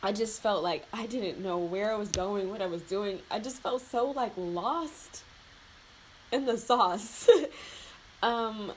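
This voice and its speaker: A woman's voice: mid-range voice, slow pace, a little mellow, slight background noise, rough recording. A young woman, a beauty vlogger, chatting loosely while she does her makeup. She sounds heartfelt and close to tears, with lots of fillers and laughter. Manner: emotional and heartfelt, near tears. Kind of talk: casual chat while doing makeup.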